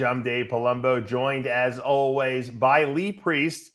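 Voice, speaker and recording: A man's voice: mid-range voice, steady tone, takes it slowly, hardly any pauses, a bit bright. A man hosting a casual podcast chat, rambling and repeating words as he restarts his sentences. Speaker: podcast host.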